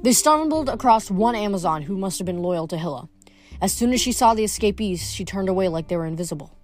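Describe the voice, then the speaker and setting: A woman reading a novel aloud, expressive, with small slips now and then. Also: medium pitch, quick pace, soft background music. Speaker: audiobook reader.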